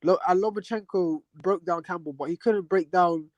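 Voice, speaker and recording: A man with a fairly high voice talks through a boxing match round by round. He is earnest and keeps restarting his sentences. The sound is dry and close, with no room around it. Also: moderate pace, darkish tone, no room sound, highs cut off. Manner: earnest, repeats words and restarts often. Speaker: panel guest. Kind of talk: boxing fight analysis.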